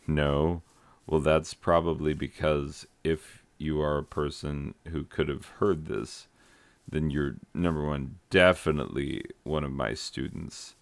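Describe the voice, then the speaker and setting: A man, a teacher, rambling casually over his gameplay with jokes, trailing off and filling pauses with ums. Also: very deep voice, steady tone, smooth, dry recording. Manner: meandering, joking, trails off with many fillers. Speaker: teacher making a gaming vlog. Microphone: close desk microphone.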